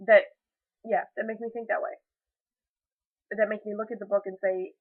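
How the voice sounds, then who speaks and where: A woman's voice: on the high side, expressive, moderate pace, pauses often. Emotional young woman vlogging, tinny audio. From United States. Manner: emotional, rambling, many fillers and restarts. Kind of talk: casual reflective vlog. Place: at home, indoors.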